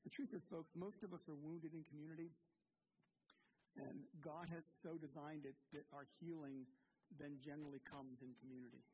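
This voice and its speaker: A man's voice: on the high side, fairly even intonation, background noise. Earnest male pastor preaching a sermon. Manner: earnest, emphatic preaching with pauses and repeated words.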